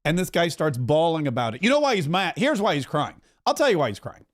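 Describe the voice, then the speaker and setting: A man's voice: a little high, very animated. A man hosting opinionated political commentary, sarcastic and mocking, speeding up and then drawing words out. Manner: sarcastic, mocking, pace swings between rushed and drawn out.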